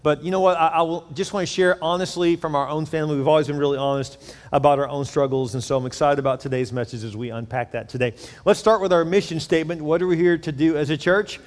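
A middle-aged pastor gives his sermon in a candid, joking way, his voice sitting a little high for a man. It rings out in a church hall with a long reverb tail. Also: fast talker. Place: church auditorium. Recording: echoey hall.

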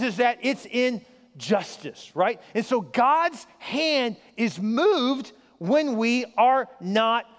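Guy preaching, super high voice, chatty storytelling, big echoey church hall. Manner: storytelling, conversational, asks the crowd questions. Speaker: pastor. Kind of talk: sermon. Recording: long hall reverb.

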